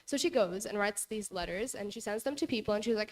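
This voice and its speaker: A woman's voice: medium pitch, fairly quick, hardly any pauses, low-quality recording. Chatty young woman retelling a Bible story. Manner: chatty retelling full of "like" and "you know". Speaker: Bible study presenter. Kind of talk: casual Bible lesson to a youth group. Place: church hall.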